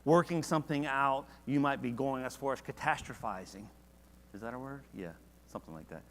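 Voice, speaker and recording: A man's voice: medium pitch, brisk, big-room sound, slight background noise. A man leading a church Bible study in a casual, conversational way, often asking the class questions. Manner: conversational, asks the class questions, animated when reading verses.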